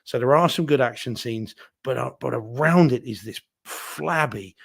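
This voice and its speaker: A man's voice: mid-range voice, moderate pace, vocal fry, husky. Candid man reviewing films. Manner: candid, self-deprecating, rambling with restarts. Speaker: podcast co-host reviewing movies. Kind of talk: casual live-stream chat.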